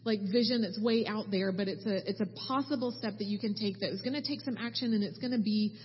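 A woman with a Southern US accent shares a prayer word with a church congregation. She speaks softly and hesitantly, with a husky voice. The sound carries a long hall reverb and has a dull, lo-fi quality. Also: medium pitch, fast talker. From American South. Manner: soft-spoken, hesitant with ums. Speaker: missionary guest speaker. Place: church sanctuary.

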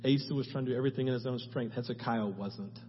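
A male pastor preaching a sermon and then praying, moving between loud, urgent exhortation and hushed, earnest prayer. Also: medium pitch, fast, a little hiss or hum. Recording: muffled sound in a reverberant hall with faint music.

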